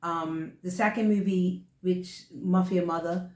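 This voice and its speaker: A woman's voice: fairly low pitch, fairly even intonation. A woman with a Bermudian accent, co-hosting a casual chat and talking in a rambling, chatty way. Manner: chatty, rambling, quick to laugh. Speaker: podcast co-host and actress. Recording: echoey room.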